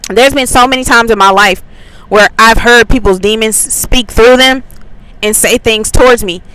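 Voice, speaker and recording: A woman's voice: fairly high pitch, moderate pace, a bit bright, no echo, poor audio. A woman from Atlanta tells a faith story in a chatty way, with many likes and ums. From Atlanta, USA. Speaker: faith channel host. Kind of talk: casual spiritual testimony.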